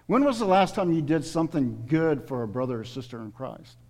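Middle-aged guy preaching, kinda high voice, earnest and emotional, long church echo. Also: big pitch swings, brisk, darkish tone. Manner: earnest, emotional, direct appeals to the congregation. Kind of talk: sermon. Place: church sanctuary. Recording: long hall reverb.

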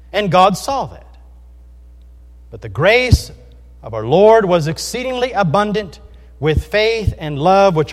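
A man with a high voice preaches earnestly, pressing his listeners with rhetorical questions and stressing each point. His voice rings out with a long reverb from a large hall. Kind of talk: sermon.

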